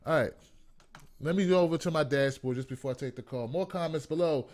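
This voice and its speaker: A man's voice: on the high side, a little fast, darkish tone. A man hosting an online show, ranting with sarcastic, profane commentary. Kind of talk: livestream commentary rant.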